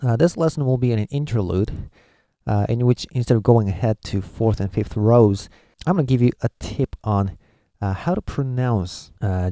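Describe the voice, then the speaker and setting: A man with a low, dark-toned voice explains a video lesson with patience. He pauses often on drawn-out fillers as he searches for words. The sound is dry and close. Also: no room sound. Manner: halting, full of "uh" pauses, patient. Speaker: language teacher.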